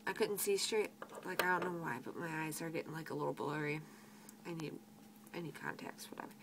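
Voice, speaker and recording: In a brisk, low-sitting voice over background noise, a US teen grocery cashier rants on her vlog about rude customers. She's exasperated and sarcastic, swears freely, and quotes shoppers in mocking voices.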